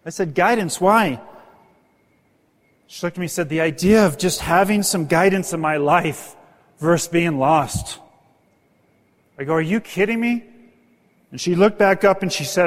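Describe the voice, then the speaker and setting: Earnest high-voiced man in a reverberant hall. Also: measured pace, pauses often. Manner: earnest, emotional, rises in pitch when stirred. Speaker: motivational speaker. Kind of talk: storytelling speech to an audience.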